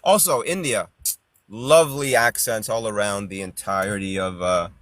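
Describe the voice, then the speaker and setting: A man hosting a casual chat, rambling and animated, laughing often as he talks. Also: lowish voice, moderate pace, no echo. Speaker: podcast host. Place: parked car outdoors.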